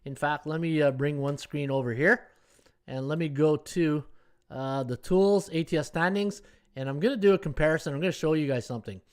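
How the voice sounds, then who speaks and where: Running his sports betting podcast as a live stream, a fifties-aged man talks through casual commentary with a brisk pace and clean tone. His voice is fairly high for a man, and his chatty delivery keeps looping in listeners with a tacked-on "right?"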